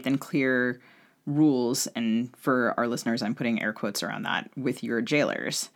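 A podcast co-host asking a guest a thoughtful, measured interview question. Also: medium pitch, fairly bright tone.

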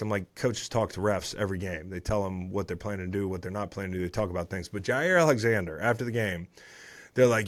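A man's voice: low voice, fast. A man in his thirties, a former football player hosting a podcast, recapping the week's games in casual chat with swearing and rambling asides.

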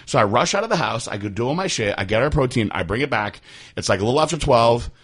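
Bright-voiced man telling a crude story. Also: mid-range voice, fast talker, husky. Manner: crude, rambling, animated when telling a story. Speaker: podcast host. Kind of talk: casual storytelling chat.

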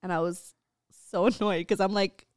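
A woman's voice: mid-range voice, fairly even intonation, moderate pace, darkish tone, smooth. A woman in her thirties hosting a podcast, talking casually and filling her speech with "like". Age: 30s. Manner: chatty, frequent "like", laughs easily. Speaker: podcast host. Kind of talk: casual chat.

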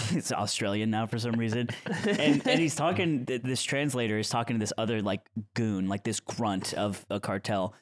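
A man's voice: on the low side, moderate pace. A man co-hosting a podcast, telling rambling stories in casual chat and laughing often. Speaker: podcast co-host.

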